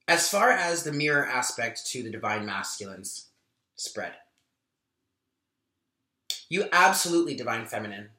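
A man talks through a tarot reading to his viewers, open and emotional, with casual swearing. His voice is bright and sharp-edged, and the room around him echoes. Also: medium pitch. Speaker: tarot reader.

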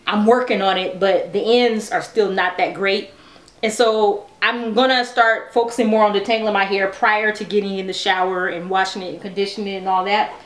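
A chatty, excitable woman talks straight to her viewers as she demos a product at home. Her mid-pitched voice rings out in a roomy, echoey space. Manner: excitable, chatty, addresses viewers as "you guys". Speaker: natural hair vlogger. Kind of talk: casual product demo chat. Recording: echoey room.

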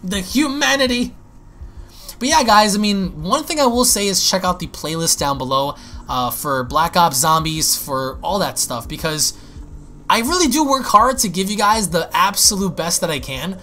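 A man giving excitable, profane live commentary while playing a zombie shooter, often repeating his words. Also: high-pitched, normal speed, a little hiss or hum. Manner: excitable, swears, exclaims and repeats himself. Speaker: gaming YouTuber.

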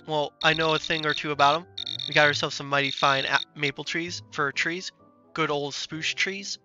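Hearty Canadian lumberjack voiced by a man, bright edge to the voice, rather high. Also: fairly even intonation, moderate pace, dull audio, soft background music. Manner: hearty folksy drawl, says "eh" a lot.

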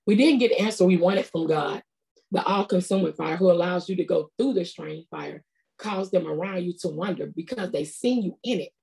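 A woman's voice: lowish voice, normal speed, vocal fry, warm tone. A middle-aged woman, preaching a sermon in an earnest, conversational, colloquial way. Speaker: prophetess preaching.

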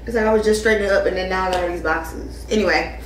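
A young woman from Flint, Michigan chatting casually to her viewers as she unboxes things, animated and calling them y'all. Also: medium pitch, fast, recorded from a distance, slight background noise. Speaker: lifestyle vlogger. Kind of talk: casual vlog chat. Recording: echoey room, voice a bit off-mic.

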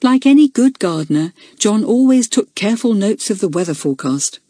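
A woman narrating a children's book in a clear, measured storytelling manner. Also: mid-range voice, animated, warm tone, no room sound, clean studio sound. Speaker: audiobook narrator. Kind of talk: scripted narration.

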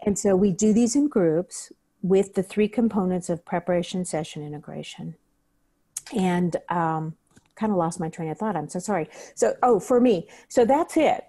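Mellow-voiced woman teaching breathwork. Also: fairly low pitch, moderate pace. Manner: earnest, acts out her own inner questions. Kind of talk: conversational interview.

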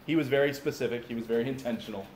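This pastor talks at a rapid-fire clip in a medium-pitched, darkish voice, delivering a conversational sermon with asides straight to the crowd at a father-son camp gathering. There's slight background noise, an echoey room, and faint ambience behind him.

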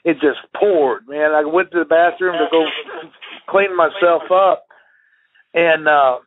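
A man's voice: fairly high pitch, unhurried, crowd noise. A man, a retired pro wrestler, telling rambling anecdotes in casual conversation, often laughing. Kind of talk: casual storytelling. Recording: tinny phone-like audio.

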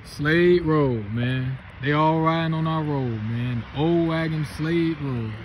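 Slow-talking man outdoors by a road. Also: a little high, slight background noise. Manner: excited, reverent, laughing often, slow drawn-out talk. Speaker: vlogger visiting family land. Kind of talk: emotional casual vlog narration.

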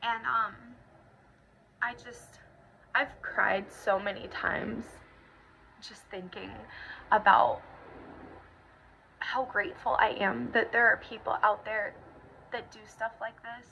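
Her voice sits on the high side, gravelly, with fairly even intonation, and she speaks slowly with long pauses. This young vlogger's personal update is emotional and teary, full of gushing and fillers, captured in dull lo-fi audio with a faint hiss.

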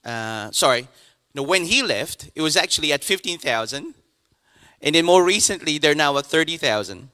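A man, a pastor introducing a guest speaker to his church, talking in a halting way with many restarts. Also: a little high, lively intonation, bright, forceful tone. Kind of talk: church announcement.

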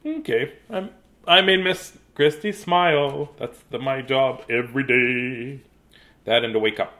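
A man's voice: mid-range voice, a little slow, bright, forceful tone. A man in his fifties reading picture books aloud to children, playful and chatty, with frequent laughs. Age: 50s. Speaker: children's book reader.

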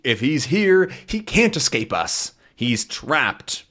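A man's voice: medium pitch, sing-song, slow, a bit bright, pitched above the performer's own voice, full character voice. A man voicing a menacing male thug from a comic who barks orders impatiently. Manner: barking orders.

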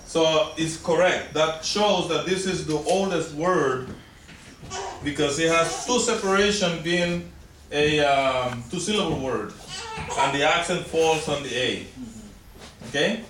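A man's voice: fairly high pitch, measured pace. A man teaching a language class and quizzing his students with questions. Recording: echoey room, camera far off, noisy.

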